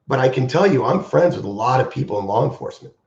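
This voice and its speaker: A martial arts teacher on a live stream speaks quickly in a mid-range, gravelly voice with a darkish tone and expressive delivery. He is impassioned and emphatic, repeating his key phrases, and the stream audio is roomy, dull and lo-fi.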